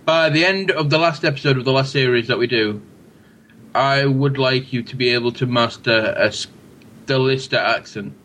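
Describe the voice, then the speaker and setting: A man's voice: medium pitch, moderate pace, fairly bright tone, a little hiss or hum, poor audio. A man hosting a casual podcast, reading listener feedback with dry jokes. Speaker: podcast host.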